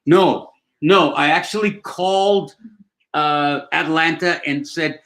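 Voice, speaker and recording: A man's voice: a little high, slow pace, a bit bright. An older man, an actor, chatting casually and telling rambling, joking stories. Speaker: actor guest. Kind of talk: casual live chat.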